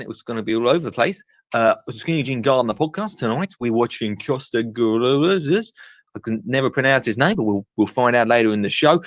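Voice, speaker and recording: A man's voice: mid-range voice, expressive, brisk, dry recording. A man hosting a live gardening call-in show, rambling and laughing at himself in casual chat. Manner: rambling, chuckling, self-mocking.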